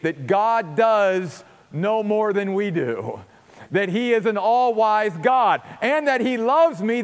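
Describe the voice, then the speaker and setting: High-voiced man preaching in a reverberant hall. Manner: earnest, emphatic, repeats words as he builds a point. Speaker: pastor. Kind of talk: sermon.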